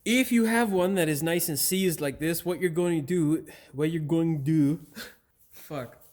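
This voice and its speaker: A man's voice: a little high, unhurried, a little mellow. A man hosting a DIY car repair video, cursing, fumbling his words and mocking himself, while a little sick with a cough. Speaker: DIY auto repair host. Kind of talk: blooper reel of a repair tutorial.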